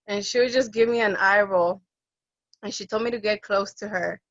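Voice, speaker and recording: A woman's voice: medium pitch, moderate pace, dry recording. A young woman who works as an end-of-life caregiver tells a personal story, acting out the voices of the people in it. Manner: animated, acts out quoted voices. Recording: dull, dry lo-fi recording.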